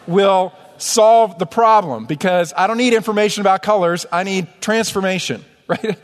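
A man from upstate New York preaching a sermon as pastor, conversational and self-deprecating, in a church sanctuary. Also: fairly high pitch. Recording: long church hall reverb.

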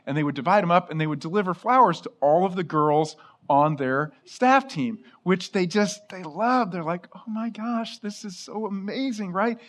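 A middle-aged man preaching, with a somewhat high voice. He tells stories in an animated, conversational way and acts out the people he quotes. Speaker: pastor. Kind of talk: sermon with personal stories.

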